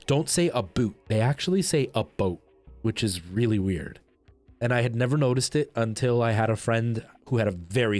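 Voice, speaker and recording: A man's voice: medium pitch, darkish tone. A man streaming a retro game, chatting casually and answering his viewers' comments.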